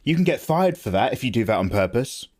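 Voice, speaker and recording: A man's voice: medium pitch, fairly quick. A tired man chatting casually on a livestream, joking with viewers and reading their names aloud. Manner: joking, animated, reads out viewer names and replies to chat. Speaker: art livestreamer.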